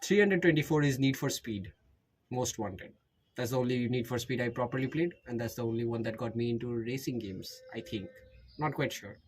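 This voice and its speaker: A man's voice: medium pitch, a little fast, low-quality recording. A man with an Indian accent, rambling jokily through casual recommendations as a YouTuber and often correcting himself. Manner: rambling, jokey, self-correcting.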